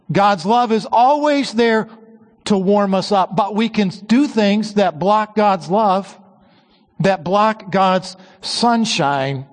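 A man preaching a sermon, slowing down and dropping his voice low on key phrases. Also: in a large hall. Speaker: pastor.

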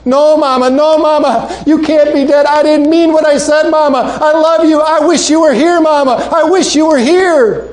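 A man voicing a fourteen-year-old girl sobbing over her dead mother, in high, drawn-out pleas. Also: steady tone, darkish tone, echoey room. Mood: wailing, grieving.

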